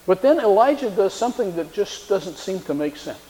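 Guy preaching a sermon, kinda high-pitched, echo hanging in a big hall. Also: sing-song, brisk, warm tone. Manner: storytelling, acts out quoted lines in shifting voices. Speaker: pastor. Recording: long reverb of a large hall.

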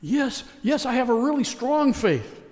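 A man voicing a terrified male tourist dangling off a cliff edge, pitching his voice up high and yelling in panic. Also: very animated, a little slow, long reverb tail, heavily acted. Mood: desperate.

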